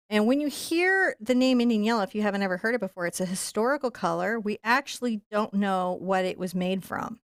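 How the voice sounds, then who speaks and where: A woman teaching a live painting tutorial in a soft, soothing voice as she paints. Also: mid-range voice, no room sound, studio quality. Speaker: painting instructor.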